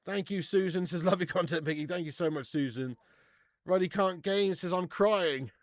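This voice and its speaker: Bantering man host, slightly high voice. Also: moderate pace, dry recording. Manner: bantering, swearing, laughing often. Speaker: watch-along streamer host. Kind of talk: live casual chat to viewers.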